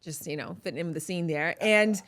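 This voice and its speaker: A woman with a slightly low voice hosts a candid conversation. She tells her stories frankly, slipping into the voices of the people in them and laughing along the way. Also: brisk, fairly bright tone. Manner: frank storyteller, acts out dialogue, laughs often. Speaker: podcast host. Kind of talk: candid casual chat.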